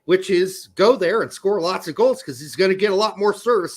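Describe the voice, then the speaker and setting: A man's voice: high-pitched, fairly quick. A man co-hosting a casual soccer podcast, joking and swearing freely as he talks. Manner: profane, joking, animated. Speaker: podcast co-host. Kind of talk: casual sports chat.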